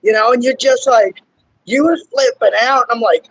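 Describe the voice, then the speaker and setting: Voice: mid-range voice, moderate pace, a bit bright, rough recording. A young interviewer in their twenties, rambling eagerly as a fan of the guest in casual chat. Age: 20s.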